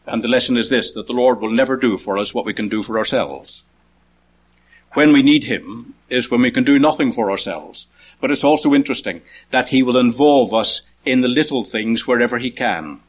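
Preacher man calling out verses. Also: normal speed. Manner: rises in pitch to call out quoted words, drops low for asides. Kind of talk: sermon.

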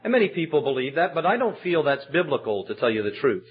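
A man's voice: fairly high pitch, big pitch swings, quick pace, slightly rough. A man preaching a sermon as pastor, telling the story with emphatic, dramatic delivery. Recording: dull lo-fi sermon recording.

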